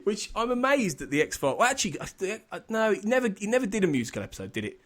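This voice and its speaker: A man's voice: high voice, very animated, quick pace. A man hosting a casual podcast chat, rambling and restarting his sentences, laughing often. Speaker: podcast host.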